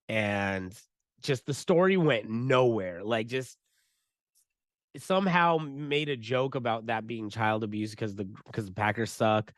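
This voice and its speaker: A man co-hosting a podcast, telling a story in a casual, profane, animated way and laughing as he goes. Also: mid-range voice, measured pace, no echo. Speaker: podcast co-host.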